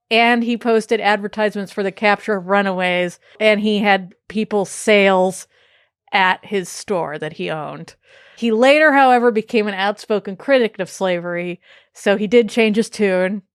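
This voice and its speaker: A chatty woman hosting a podcast, speaking at a medium pitch. She talks loosely, with fillers, swearing and laughing asides. The recording is very dry and close. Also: clear, resonant tone, no room sound. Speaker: podcast host. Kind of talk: casual podcast chat.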